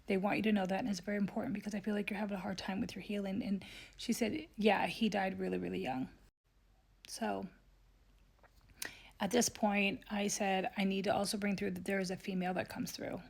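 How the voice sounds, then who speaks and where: A woman with a gravelly, husky voice tells a personal story straight to camera. She speaks earnestly and tearfully, often slipping into soft whispers at tender moments. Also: medium pitch, little pitch movement, fairly quick. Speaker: psychic medium. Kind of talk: emotional storytelling vlog.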